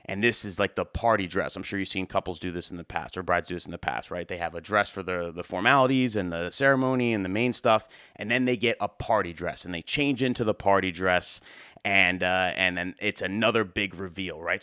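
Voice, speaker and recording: A young adult man, a wedding DJ hosting his own show, tells a story casually, with a rambling, excitable delivery full of fillers and swearing. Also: low-pitched, fairly quick, smooth, dry recording, studio quality.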